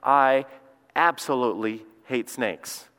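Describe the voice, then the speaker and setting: A man's voice: mid-range voice, slow. A man from Alabama, preaching a sermon as lead pastor and telling stories in a folksy way. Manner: folksy storytelling, voice rising when excited. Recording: long hall reverb.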